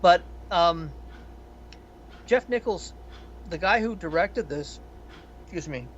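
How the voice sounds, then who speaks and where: A man's voice: high-pitched, takes it slowly, highs cut off, a little hiss or hum. A man co-hosting a podcast, chatting casually and profanely about a film in a rambling way. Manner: rambling, profane, animated storytelling. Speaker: podcast co-host. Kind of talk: casual film review chat.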